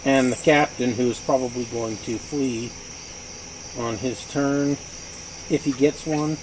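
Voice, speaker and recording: A man acting as game master in a casual tabletop game, relaxed and often murmuring agreement. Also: medium pitch, unhurried, noisy background.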